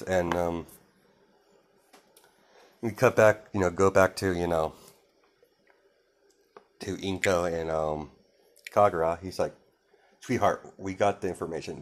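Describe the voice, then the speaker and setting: A young man with a low voice retells a fan-made story in a loose, casual way. He rambles, restarts his sentences and leans on fillers, quoting the characters in his own plain voice. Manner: quotes characters without doing voices.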